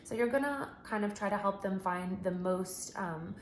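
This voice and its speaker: A woman teacher talks parents through a home literacy lesson in a patient, encouraging way. She slows down to stretch out each letter sound. Her voice carries a noticeable room echo over a faint background hum. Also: mid-range voice. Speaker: kindergarten teacher. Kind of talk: tutorial for parents.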